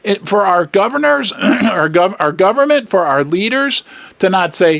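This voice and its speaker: An emphatic male channel host talks straight to his viewers in casual commentary, exasperated and full of rhetorical questions. His voice sits high and swings up and down a lot. The sound is dry and close, with no room around it. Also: big pitch swings, moderate pace, vocal fry, a bit bright, no room sound. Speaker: host of a precious-metals channel.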